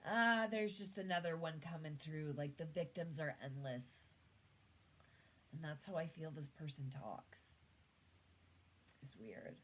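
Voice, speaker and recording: A woman's voice: sits low, moderate pace, fairly bright tone, a little hiss or hum, rough recording. A Canadian woman giving a casual tarot reading, musing aloud, trailing off and restarting her thoughts. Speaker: tarot reader.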